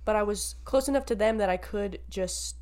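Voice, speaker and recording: A woman in her twenties co-hosting a podcast in casual chat, animated and laughing often, swearing freely. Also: mid-range voice, moderate pace. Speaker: podcast co-host.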